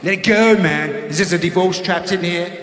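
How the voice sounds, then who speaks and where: A man voicing a self-assured male energy healer who drones his words out slowly, recorded live in an echoey hall with a loud crowd. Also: sits high. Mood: mystical.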